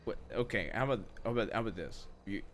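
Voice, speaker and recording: A man's voice: on the low side, racing, fairly bright tone, slight background noise. A man chatting casually in a roleplay game, laid-back and self-deprecating. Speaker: streamer, roleplay player. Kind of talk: casual in-character roleplay chat.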